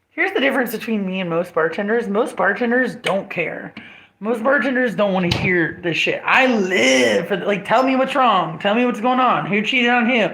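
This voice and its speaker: A woman's voice: medium pitch, fairly bright tone. A woman in her forties, a bartender, chatting casually on a live stream from her home kitchen, rambling and swearing with lots of "like". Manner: rambling, profane, full of "like". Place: home kitchen and house, indoors.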